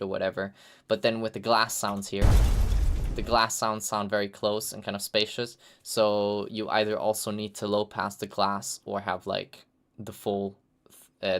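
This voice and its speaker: A man's voice: lowish voice, a bit bright, clean tone. A man hosting a live stream, giving loose, chatty feedback full of "like" fillers and the odd swear. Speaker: host reviewing game audio reels.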